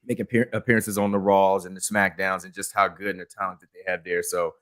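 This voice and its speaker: A man's voice: deep voice, level tone, fast, a bit bright, no echo, studio quality. A man co-hosting a podcast, chatting casually about wrestling, rambling with many fillers and restarts. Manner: rambling, lots of fillers and restarts, laughs easily. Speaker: podcast co-host.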